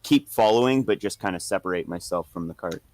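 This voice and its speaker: A man's voice: sits low, fairly quick, darkish tone, no echo. A man casually playing a tabletop game, talking in hesitant stumbling phrases. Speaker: player.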